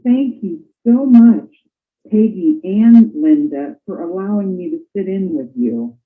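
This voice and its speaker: A woman's voice: fairly low pitch, animated, unhurried. A woman guest joining a casual chat, playful and joking as she chimes in. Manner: playful, jokes while interjecting. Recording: tinny phone-like line.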